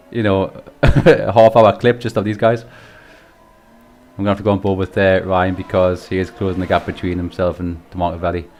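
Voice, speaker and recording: Chatty man commentating a race stream. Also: on the low side. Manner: chatty, laughs often, swears casually. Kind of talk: casual live-stream commentary.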